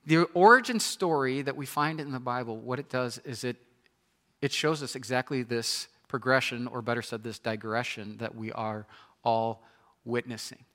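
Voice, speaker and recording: Bright-voiced man preaching. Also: mid-range voice, moderate pace. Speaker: pastor. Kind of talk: sermon.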